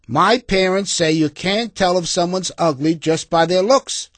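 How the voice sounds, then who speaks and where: A man voicing a gentle, kind young female friend in a children's storybook reading. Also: sits high, unhurried, no echo. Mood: earnest. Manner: earnest, reassuring.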